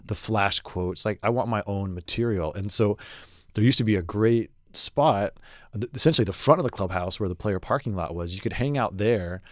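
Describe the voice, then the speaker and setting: A middle-aged man with a fairly low voice tells stories in a relaxed podcast chat. He is a golf reporter who jumps into anecdotes and tosses in quick asides. The sound is close and dry. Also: no room sound.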